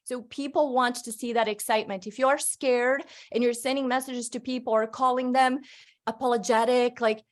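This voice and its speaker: Woman fired up giving tips on a call, bit high, punchy and upbeat. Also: normal speed. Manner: energetic, upbeat, emphatic. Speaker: guest speaker. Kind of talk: motivational talk on a conference call.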